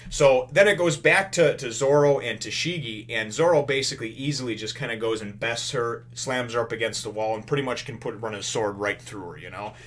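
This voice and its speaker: A comics reviewer casually recaps a comic chapter, rambling with lots of fillers and raising his voice to quote the characters. His mid-range voice is slightly bright, and he talks briskly with hardly any pauses.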